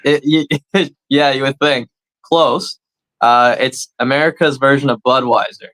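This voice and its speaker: A man's voice: medium pitch, fairly even intonation, unhurried, a bit bright, no room sound, low-quality recording. A Canadian man co-hosting a comedy podcast, talking bluntly and swearing freely in casual chat.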